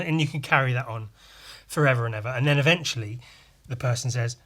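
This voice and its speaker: A man's voice: mid-range voice, quick pace, fairly bright tone. A man with an English accent hosting a podcast, ranting casually with sardonic, sweary, mock-outraged asides. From England. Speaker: podcast host. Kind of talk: casual solo rant.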